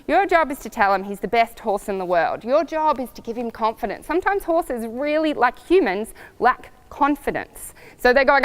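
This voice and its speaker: A middle-aged woman coaching riders in a lively, conversational way. Her voice sits fairly high and comes across smooth and clear. She tells stories animatedly. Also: moderate pace, hardly any pauses. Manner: animated, warm storytelling with laughs. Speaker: riding coach. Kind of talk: casual coaching talk to camera.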